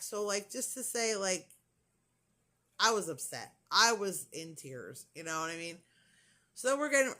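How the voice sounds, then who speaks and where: A woman's voice: mid-range voice, bright, forceful tone. Chatty indignant middle-aged woman vlogger. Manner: chatty and indignant, quoting others, frequent likes and sighs. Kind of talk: casual storytelling vlog.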